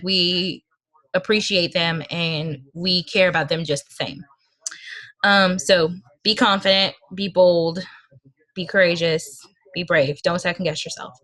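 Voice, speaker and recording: A young woman with a bright, forceful voice gives a heartfelt motivational talk to her team. She speaks earnestly and with feeling, drawing on her own experience, and she is heard through a video call microphone. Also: on the low side. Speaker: team leader speaking to a sales team.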